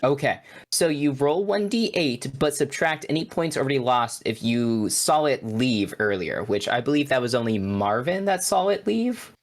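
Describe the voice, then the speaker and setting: A man's voice: medium pitch, expressive, moderate pace, hardly any pauses. Chatty male game master. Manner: loose and chatty, full of restarts and fillers. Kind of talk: narrating a horror tabletop game.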